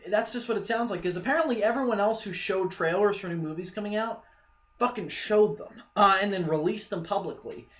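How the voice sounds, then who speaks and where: An excitable young man rambling through casual fan commentary on a vlog. He swears freely, trails off into fillers, and keeps circling back to the same point. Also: high voice. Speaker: vlogger.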